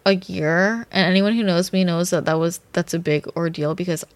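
A woman's voice: fairly low pitch, moderate pace, no room sound. A young adult woman hosting a podcast, speaking in an earnest, rambling personal monologue, swearing freely and getting worked up. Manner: gets worked up. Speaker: podcast host.

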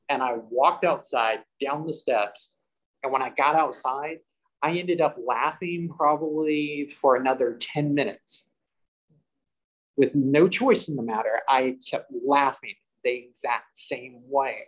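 A man's voice: mid-range voice, unhurried, rough recording. A man telling a first-person story about a paranormal investigation, acting out the quotes and breaking into laughter.

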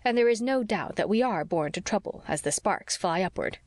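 A woman's voice: mid-range voice, expressive, brisk, a little mellow, dry recording, lightly acted. A woman voicing a fussy, devoted older housekeeper woman who frets in a homely, old-fashioned way, read for an audiobook. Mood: fretful.

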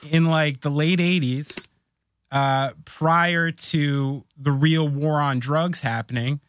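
Animated rambling man hosting a podcast. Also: fairly high pitch, slow, a little hiss or hum. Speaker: podcast host. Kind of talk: casual chat.

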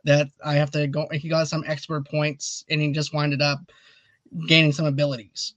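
A man hosting a casual video review chat, talkative and animated, urging viewers to comment. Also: fairly high pitch, moderate pace, no echo. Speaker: video host.

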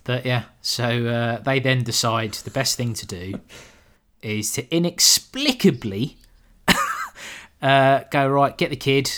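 A man's voice: medium pitch, wildly swooping pitch, takes it slowly, a bit bright. A man co-hosting a podcast, recapping a film in casual chat with dry sarcasm, swearing and laughing as he goes. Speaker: podcast co-host.

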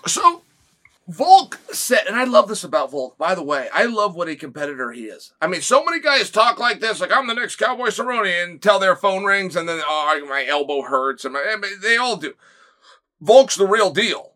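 A man with a high-pitched, sing-song, pushed and bright voice hosts his own show. He gives blunt, opinionated commentary, emphatic throughout, and fires off rapid rhetorical questions.

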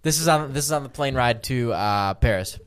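A man's voice: mid-range voice, fairly quick, smooth. A man telling rambling, profane anecdotes in casual podcast chat. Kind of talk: casual storytelling.

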